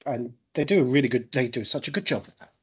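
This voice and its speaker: Husky guy giving his take on a movie, jokey, does little mock quotes. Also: mid-range voice, lively intonation, fast. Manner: opinionated, joking, acts out mock quotes. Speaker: podcast co-host. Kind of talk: casual film review chat.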